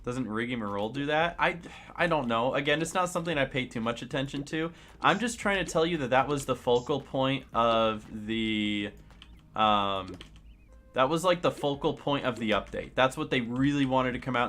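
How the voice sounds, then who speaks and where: A man's voice: mid-range voice, normal speed, a bit bright. A young man giving casual, rambling commentary while he plays, opinionated but shrugging, with many fillers and restarts. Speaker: gaming streamer.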